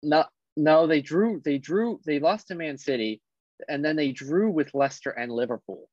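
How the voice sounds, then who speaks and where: A man co-hosting a casual sports podcast, running through league standings in a halting way with fillers. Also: fairly high pitch, a little mellow, no room sound. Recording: dull lo-fi dry sound.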